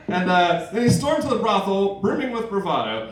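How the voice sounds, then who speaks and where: A man's voice: high voice, sing-song, moderate pace, hardly any pauses. A man performing at an open mic comedy night, reading comic fan fiction aloud with rambling asides and fillers. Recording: echoey and distant with noise.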